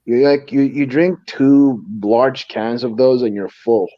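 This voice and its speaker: A man's voice: medium pitch, measured pace, no room sound, lo-fi sound. A tired man from the Philippines chatting easily on a podcast, joking at his own expense. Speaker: podcast co-host. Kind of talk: casual chat.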